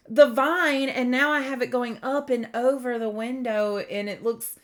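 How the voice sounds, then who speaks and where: A middle-aged woman giving a rambling spiritual tarot reading, gentle and full of fillers and restarts. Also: fairly high pitch, fairly even intonation, unhurried, hardly any pauses. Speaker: tarot reader.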